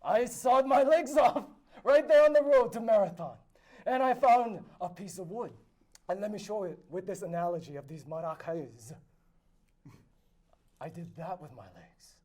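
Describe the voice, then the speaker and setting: A man's voice: high-pitched, moderate pace, darkish tone. A man playing a boastful male noble who spins absurd, grandiose tall tales in a theatrical storytelling manner. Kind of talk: improvised tall-tale role-play. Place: live convention panel room.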